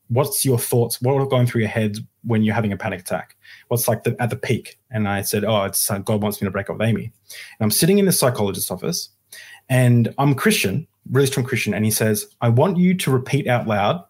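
Fast-talking husky man, podcast host. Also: medium pitch. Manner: animated, acts out quoted dialogue. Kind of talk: casual chat, personal storytelling.

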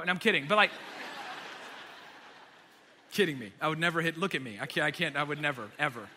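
A man delivers a sermon in a high, forceful voice. He tells stories in an animated way and throws in quick jokes. His voice rings out with a long reverb, as in a large hall. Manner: animated storytelling with quick asides. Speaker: preacher.

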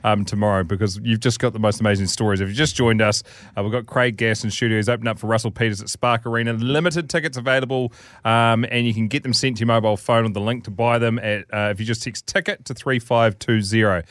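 A man's voice: fairly low pitch, steady tone, quick pace, fairly bright tone, dry recording. A male radio host, chatting casually and loosely with a guest in the studio. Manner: casual, a bit rambling, with fillers. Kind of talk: radio interview. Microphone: studio microphone.

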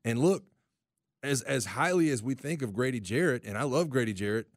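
A man's voice: mid-range voice, expressive, a little fast, no room sound, studio quality. A man who used to play pro football, co-hosting a sports radio show in loose, casual talk. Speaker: sports radio co-host, former player.

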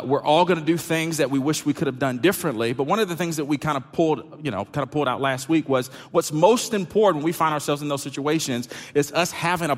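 A middle-aged pastor, preaching a sermon in a loose, conversational way with lots of fillers. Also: male voice, fairly high pitch. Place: church sanctuary. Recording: hall reverb.

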